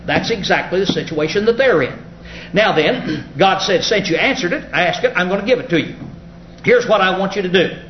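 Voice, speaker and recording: A man preaching a Bible study sermon, explaining scripture in a folksy, halting way with many filler sounds. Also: high voice, expressive. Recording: echoey, muffled room recording with faint ambient noise.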